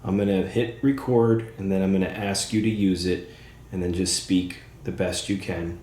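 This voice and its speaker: A man's voice: deep voice, steady tone, moderate pace, darkish tone, slight background noise. Eager male psychic medium, echoey room. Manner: eager, thinks aloud, many fillers. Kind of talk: spirit session, talking to a spirit.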